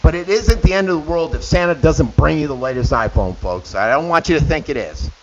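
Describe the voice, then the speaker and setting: A man's voice: on the high side, lively intonation, brisk. Ranting middle-aged male radio host. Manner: indignant, sarcastic asides. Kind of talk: ranting opinion monologue. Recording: dull lo-fi with faint hiss.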